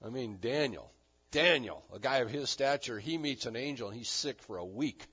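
A man preaching a sermon, animated and emphatic, with touches of dry humor. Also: mid-range voice, normal speed, breathy edge. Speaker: pastor. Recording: dull lo-fi recording.

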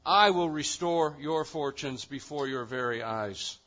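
A man preaching a sermon, building to loud emphatic repetitions and then dropping to quiet, low stretches. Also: unhurried, lo-fi sound. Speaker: pastor.

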